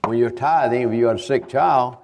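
An older man with a drawl preaching to a congregation. He talks in a halting, homespun way, stumbling and repeating words as he spins personal stories and small jokes. His voice sits at an ordinary middle pitch for a man. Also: darkish tone. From Kentucky, USA. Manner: halting, repetitive, homespun storytelling. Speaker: visiting evangelist. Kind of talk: folksy sermon testimony.

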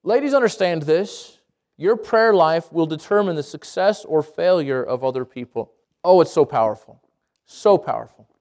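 A man preaching a sermon to a congregation, lively and conversational, with jokes, asides and quick self-corrections. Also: on the high side. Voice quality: speaks around braces. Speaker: pastor.

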